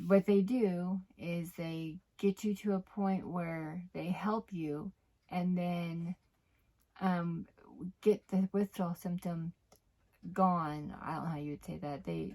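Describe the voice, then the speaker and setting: Low gravelly-voiced woman telling her story. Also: fairly even intonation, takes it slowly, mellow. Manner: candid, rambling, self-correcting, often dropping to a near whisper. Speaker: vlogger sharing her recovery story. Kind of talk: personal storytelling to camera.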